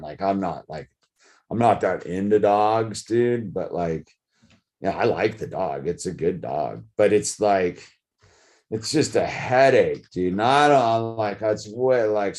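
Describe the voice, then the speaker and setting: A middle-aged male vlogger rambles casually to the camera, peppering his speech with "dude" and "like." His voice is lowish with a darkish tone.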